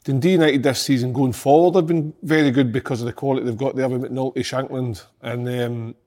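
A man on a football panel, talking through the game in a measured, analytical way. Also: mid-range voice, fairly even intonation, darkish tone. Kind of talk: casual chat.

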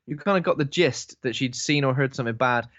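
A man's voice: medium pitch, brisk, fairly bright tone, no room sound, muffled recording. A man in casual film podcast chat, joking and slipping into silly voices. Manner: joking, does silly voices mid-story. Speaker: podcast co-host.

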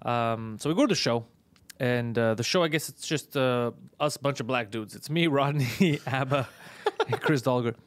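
A man casually telling a story on a podcast, fast, profane and animated. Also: mid-range voice, no room sound. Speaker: podcast host, comedian.

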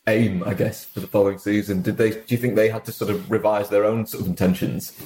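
A man's voice: lowish voice, steady tone, fast, darkish tone. A man interviewing a guest, who asks hedged, rambling questions with short affirmations in between. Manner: brief backchannels, hedged questions. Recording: roomy echo, slightly off-mic.

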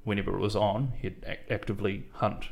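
A young New man co-hosting a podcast, his voice sitting low with a gravelly rasp. He rambles casually and pokes fun at himself between laughs. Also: steady tone, fairly quick. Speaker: podcast co-host. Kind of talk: casual chat.

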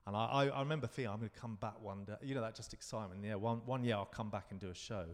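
A man's voice: lowish voice, fairly even intonation, racing, long reverb tail. A man in his fifties from London, a guest performer in a live interview, telling rambling, reflective stories with frequent restarts. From London, England.

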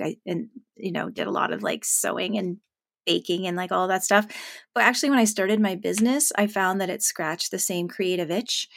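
A middle-aged woman speaks as a guest on a parenting podcast, rambling warmly through anecdotes with many filler words. Her voice carries a gravelly, creaky texture. The sound is dry and close. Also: lowish voice, no room sound. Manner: chatty storyteller, heavy use of filler words. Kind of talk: casual interview chat.

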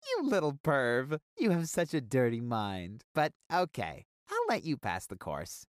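Narrator doing a coy, teasing teacher. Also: female voice, rumbling low, wildly swooping pitch, unhurried, dry recording, exaggerated voice.

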